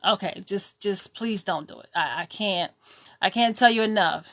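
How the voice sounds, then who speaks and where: A woman's voice: mid-range voice, moderate pace, a bit bright. A middle-aged woman from Brooklyn with a New York accent, hosting a casual live-stream balloon tutorial, chatty and sassy, calling out viewers by name. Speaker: balloon decor tutorial host.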